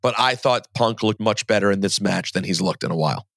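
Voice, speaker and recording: A man hosting a podcast in casual chat, talking in quick asides. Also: fairly low pitch, gravelly, a bit bright, dry recording, studio quality. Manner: chatty, quick asides, quotes others in mock voices. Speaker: podcast host.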